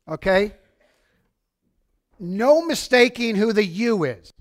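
A man preaching a sermon in a church, excitable, swinging from shouting to quiet asides. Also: sits high, measured pace. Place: church sanctuary.

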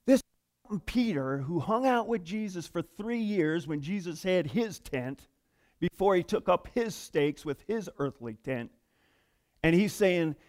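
High-voiced man preaching animatedly. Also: unhurried. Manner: animated and conversational, with emphatic asides and laughs. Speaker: pastor. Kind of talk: preaching a sermon to a congregation.

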